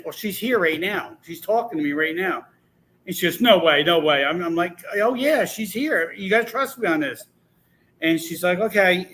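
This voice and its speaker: Bright, animated man telling a story. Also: on the high side. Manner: rambling, animated storytelling with many restarts. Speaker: guest. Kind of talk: storytelling in a casual online talk show.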